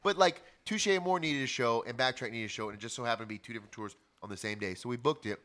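A man's voice: mid-range voice, rapid-fire, fairly bright tone. A man in his thirties telling rambling stories about booking shows in a casual podcast chat. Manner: rambling anecdotes with fillers and laughs.

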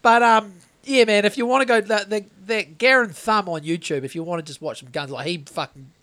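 A man's voice: sits high, brisk, pushed and bright. A man hosting a podcast in casual chat, reacting often with laughs and swearing. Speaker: podcast host.

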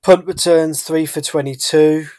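A man's voice: on the high side, fairly even intonation, a little slow, darkish tone, dry recording, studio quality. A man with a British accent, co-hosting a casual sports podcast, chatty and rambling with frequent fillers and restarts. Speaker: podcast co-host.

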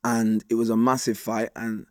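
A man, telling his life story as an interview guest. His pitch stays flat and level while his words stay streetwise and vivid, punctuated with mimicked gunshots and engine noises. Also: moderate pace, no echo, clean studio sound. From Manchester, England.

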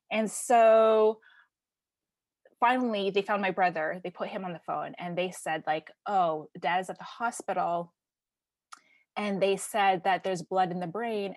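A woman in her thirties from Canada, telling a personal story in casual conversation, animated and emphatic with frequent fillers. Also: lowish voice, no echo.

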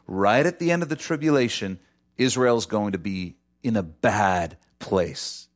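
A man preaching a sermon as pastor, swinging from high, ringing quotes down to low, soft conclusions, with direct asides to his listeners. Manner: addresses the congregation directly, conversational asides.

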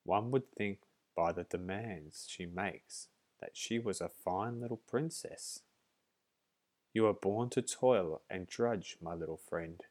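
A man's voice: sits low, slow pace, a little mellow. A man voicing a mocking old nurse bee. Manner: mocking, scolding.

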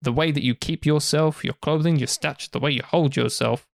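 A man's voice: fairly high pitch, fairly even intonation, fairly quick, gravelly, no echo, pitched above the performer's own voice. A man putting on a pushy market clothier. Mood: flattering. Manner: pushy sales patter, haggling. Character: eager male clothing merchant at a market.

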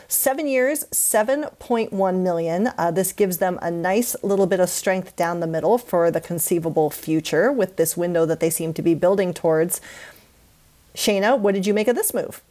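A woman's voice: lowish voice, moderate pace. A woman co-hosting a podcast, running the news segment with puns and self-mocking asides in casual chat. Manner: punning, self-mocking, lively.

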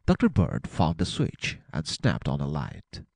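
Deep gravelly male audiobook narrator. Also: a little slow, no room sound. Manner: dramatic, expressive reading.

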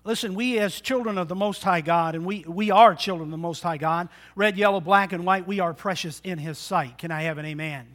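Wysoki, jasny głos pastora. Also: male voice, high-pitched, a little fast, few pauses, a bit bright. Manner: conversational, asks the congregation questions. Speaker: preacher. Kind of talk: sermon. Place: church.

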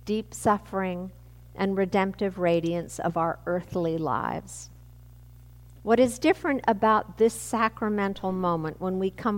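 Woman pastor, sermon, slow and reflective, mid-pitched voice, reverberant church hall. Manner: measured, reflective delivery with slow pauses.

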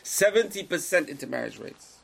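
A man giving a Torah lecture to a live class, speaking emphatically, swinging between loud exclamations and quiet asides, and putting questions to his listeners. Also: a little high, very animated, a little fast, creaky, poor audio. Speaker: Torah teacher.

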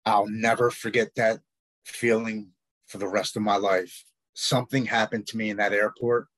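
A middle-aged man telling his own recovery story in a raw, halting way, often repeating words. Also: lowish voice, flat delivery, a bit bright. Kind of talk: personal storytelling.

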